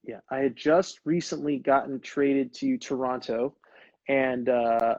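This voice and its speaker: A man's voice: medium pitch, fairly even intonation, a little slow, darkish tone, no room sound, muffled recording. A man in his thirties hosting a casual livestream, telling stories in a laid-back way. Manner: laid-back storytelling, calls people brother. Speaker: livestream host, former pro soccer player.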